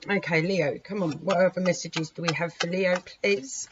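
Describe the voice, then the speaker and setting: A woman with a sore, hoarse throat gives a casual tarot reading, chatty and swearing lightly as she talks to her cards. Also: on the low side, fairly even intonation, normal speed. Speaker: tarot reader. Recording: muffled recording with clear background noise.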